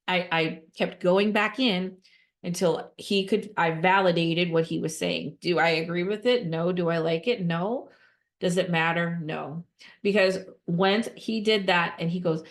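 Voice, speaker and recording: Woman talking fundraising on a podcast, slightly low voice, keeps repeating points, lots of quick restarts. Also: steady tone. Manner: emphatic and repetitive, with quick restarts and rhetorical questions. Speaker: guest nonprofit fundraising consultant. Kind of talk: conversational podcast advice.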